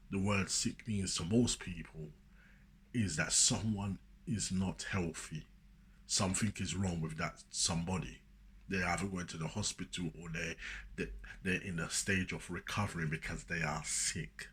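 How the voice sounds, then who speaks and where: Very husky low-voiced man. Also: a bit bright. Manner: rambling, repeats "you know what I'm saying"; preachy, emphatic. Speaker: motivational speaker. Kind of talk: casual spoken monologue.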